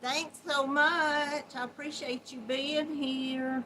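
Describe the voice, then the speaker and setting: Seated at her home computer, a yarn chat livestream host with a Southern Georgia accent speaks in a high-pitched, fairly even voice through a built-in laptop mic. She's slow, chatty, and laughs often, offering warm, folksy greetings like hon and sweetheart. The recording is low quality, with a little hiss or hum.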